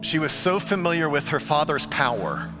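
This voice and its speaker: A middle-aged man preaching a sermon, moving between hushed, earnest tones and lively storytelling. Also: on the high side, normal speed, music in the background. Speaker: pastor.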